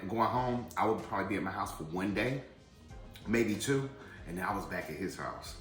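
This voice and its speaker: A vlogger from around Atlanta chats casually to his viewers while eating, rambling through a personal story and drifting off on tangents. His voice is fairly low and fairly bright, recorded with a roomy sound.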